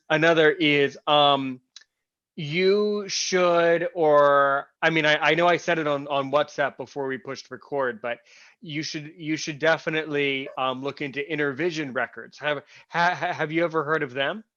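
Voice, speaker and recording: A man hosting a podcast, with a fairly high, bright voice. He talks in a friendly, encouraging way, and the audio is dry and a bit dull, as over a remote call. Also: fairly even intonation, a little slow, no echo. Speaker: podcast host. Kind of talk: casual podcast interview.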